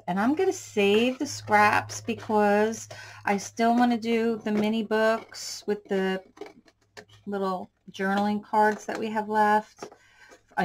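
A woman's voice: mid-range voice, a little hiss or hum. A woman hosting a casual crafting tutorial, talking in a chatty, rambling way with side stories while she works. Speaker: craft channel host.

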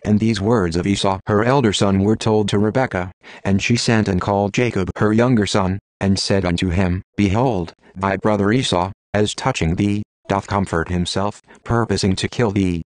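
A synthetic male text-to-speech voice reading scripture in an even, measured way. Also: fairly low pitch, no room sound. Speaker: Bible reader.

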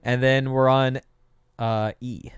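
Young male streamer, middle pitch, jokey and rambling, counts under his breath, soft music underneath. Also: little pitch movement, slow. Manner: jokey rambling, self-mocking asides to chat. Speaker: gaming streamer. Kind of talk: casual live-stream commentary while building.

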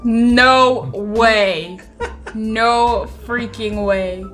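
A woman's voice: on the high side, extremely slow, a bit bright, faint music behind. A woman co-hosting a casual couple vlog, blunt and exasperated, swearing casually. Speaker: vlog co-host, wife.

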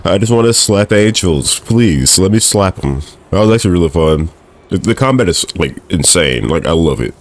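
A young man casually commentating his own gameplay, excitable and swearing at the screen. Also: deep voice, normal speed. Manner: excitable, swears and laughs often, talks to the screen. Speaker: gaming streamer. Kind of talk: let's play commentary.

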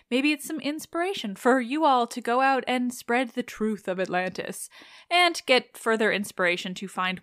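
A woman's voice: fairly high pitch, fairly bright tone, no echo, clean studio sound. A woman in her thirties hosting a podcast, chatting casually and ranting with enthusiasm, sometimes swearing. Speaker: podcast host.

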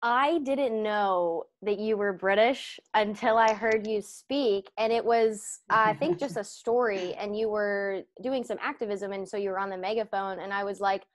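A woman's voice: mid-range voice, unhurried, hardly any pauses. A woman hosting a podcast, chatty and friendly, with many fillers. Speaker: podcast host. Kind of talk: casual interview chat.

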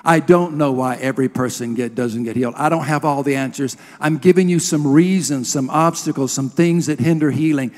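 A middle-aged man preaching a sermon, telling personal stories earnestly and sinking to a hushed voice at tender moments. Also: mid-range voice, a little fast, hardly any pauses. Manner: earnest storytelling, drops to a hush at emotional moments. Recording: long hall reverb.

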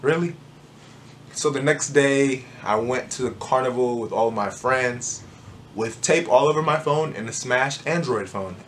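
A man telling a personal story to camera in a casual, animated, joking way. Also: medium pitch, measured pace, slight background noise. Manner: animated, joking, acts out moments. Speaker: vlogger.

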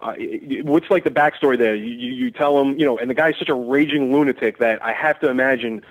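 Hesitant fast-talking man on a phone line. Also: mid-range voice. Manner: hesitant, filler-heavy questioning. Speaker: caller and fan asking questions. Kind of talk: radio call-in questions.

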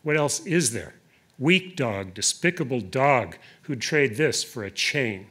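A man voicing a proud wild male wolf who longs for freedom, in a slow, solemn recitation. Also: mid-range voice, expressive, a bit bright, breathy edge.

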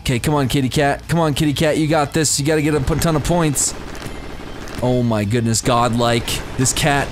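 A young man commenting on a game as he plays, giddy and breaking into high-pitched squeals of surprise. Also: fairly even intonation, moderate pace, music in the background. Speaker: gameplay commentator. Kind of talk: excited let's-play commentary.

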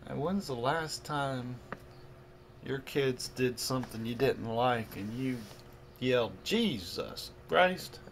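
A man preaching in a video, reading scripture slowly and emphatically, then breaking into mocking asides. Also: mid-range voice, fairly even intonation, slight background noise. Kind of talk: video sermon commentary.

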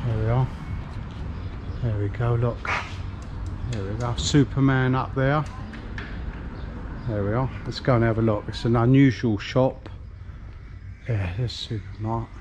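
A man's voice: mid-range voice, fairly even intonation, measured pace, pauses often, highs cut off. A man giving a chatty, upbeat walking tour outdoors, talking to viewers while he walks along a resort street with a camera. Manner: chatty, upbeat, keeps addressing viewers as guys. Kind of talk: casual walking-tour commentary. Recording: clear street traffic noise behind.

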